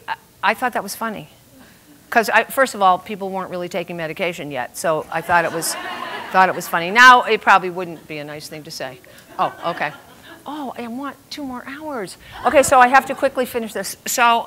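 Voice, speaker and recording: An older woman tells a comic story from her own life to a live audience. Her voice is bright and forward, and she is lively and self-mocking. She acts out the other people's voices as she goes. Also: mid-range voice, fairly quick, a little hiss or hum. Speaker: storyteller on stage.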